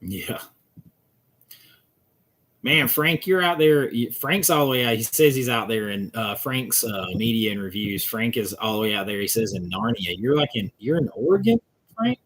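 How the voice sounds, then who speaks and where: Man, husky voice, chatty livestream host, rambling, mid pitch. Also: lively intonation, moderate pace, fairly bright tone. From Georgia, US South. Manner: rambling, chatty, reads out viewers' comments. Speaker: channel host answering live chat. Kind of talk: casual livestream chat.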